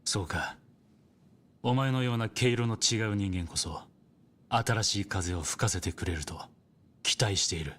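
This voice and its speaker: A man's voice: fairly low pitch, fairly bright tone, slight background noise, natural voice. A man playing a stern, commanding yakuza boss. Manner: measured, commanding. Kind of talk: video game voice acting.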